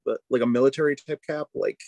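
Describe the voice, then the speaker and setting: A man's voice: medium pitch, fairly even intonation, fast, a little mellow, no echo. A man co-hosting a podcast, chatting casually and rambling with many fillers. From Boston area. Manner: rambling, lots of "like" and "you know". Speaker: podcast co-host. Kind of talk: casual chat.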